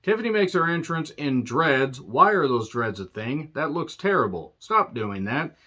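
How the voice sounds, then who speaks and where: A man's voice: a little high, expressive, normal speed, bright, forceful tone, dull audio. A man reviewing a wrestling show in a sarcastic, profane, exasperated rant.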